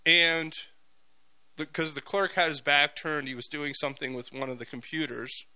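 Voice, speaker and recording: A man hosting a talk radio show, telling stories in an animated monologue full of fillers and restarts. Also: fairly high pitch, normal speed, low-quality recording.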